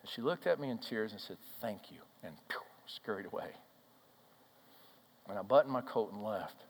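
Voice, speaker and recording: A male pastor preaching a sermon and telling a story, swinging from loud declarations down to soft, hushed lines. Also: fairly low pitch, animated, moderate pace. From Minnesota, USA. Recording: hall reverb.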